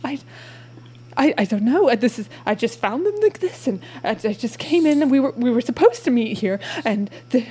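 A man's voice: very high voice, lively intonation, normal speed, dark tone. A woman voicing a nervous male dragonborn professor who stammers and gets defensive. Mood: flustered.

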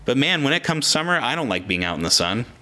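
Lively, bright-voiced man preaching a sermon. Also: mid-range voice, fast talker. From Oregon, United States. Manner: animated, acts out voices in quotes. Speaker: pastor.

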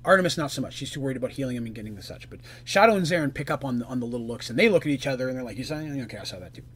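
Husky male game master, relaxed and rambling, narrates a fantasy game on stream. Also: mid-range voice, very fast.

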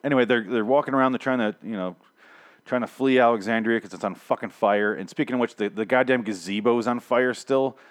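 A man's voice: medium pitch, fast talker. A man hosting a casual TV review podcast, rambling and swearing freely, often stammering and restarting his sentences.

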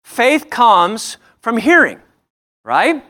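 A man with a high voice preaches a sermon in church. He is earnest and keeps asking his listeners questions, often repeating and restarting his phrases. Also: wildly swooping pitch, extremely slow, sharp tone. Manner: earnest, asks the congregation many rhetorical questions. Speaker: pastor.

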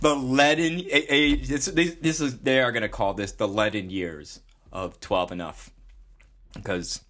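A man's voice: fairly low pitch, a little slow, a bit bright. A man hosting a podcast in casual chat, rambling and joking at his own expense with frequent restarts. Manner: rambling, self-mocking, with restarts. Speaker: podcast host.

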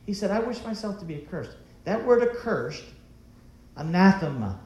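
A man's voice: high-pitched, very animated, moderate pace, a little mellow, reverberant. A man preaching a sermon as pastor, emphatic and full of rhetorical questions.

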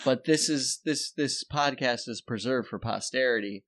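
A man's voice: medium pitch, moderate pace, fairly bright tone. A man co-hosting a podcast in casual chat, joking and rambling, often breaking into laughter. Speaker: podcast co-host.

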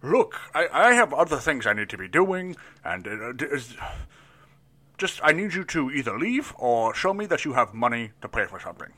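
A man's voice: medium pitch, very animated, moderate pace, sharp tone. A man doing a stammering, flustered elf barkeep. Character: nervous overweight male elf barkeep.

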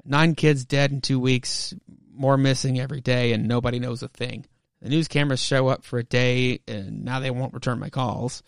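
A man's voice: mid-range voice, steady tone, normal speed, gravelly, smooth, dry recording, clean studio sound, natural voice. A man reading as a frazzled young principal. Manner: weary, swearing, rambling.

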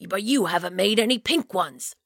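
A woman voicing a greedy monster with a thousand teeth in a storybook reading, speaking slowly with a hungry drawl. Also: mid-range voice, expressive, creaky, fairly bright tone, no room sound, studio quality.

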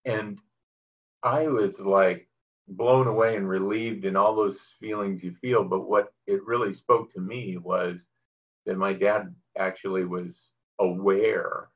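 Husky low-voiced man preaching. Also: phone-quality sound. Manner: conversational, with fillers and frequent "right?". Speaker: pastor. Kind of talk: sermon with scripture reading and personal story.

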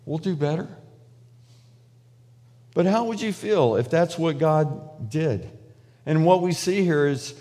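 A male pastor with a medium-pitched, mellow voice preaches a loose, conversational sermon full of fillers and restarts, paraphrasing prayers and God's replies as he acts them out. The sound has a big-room quality.

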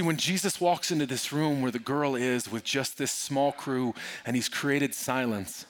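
A middle-aged man preaching a sermon, moving from soft, confiding talk to loud, urgent preaching. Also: mid-range voice. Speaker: pastor.

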